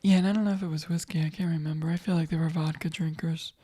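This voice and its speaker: A woman's voice: deep voice, fairly even intonation, very fast, dark tone, slightly rough. A woman co-hosting a casual podcast chat, joking and self-mocking. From United States. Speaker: podcast co-host.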